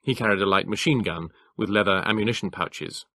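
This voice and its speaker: Recorded dry with clean studio sound, this man narrates a scripted audiobook in a lowish voice. He tells the story in a steady, measured way.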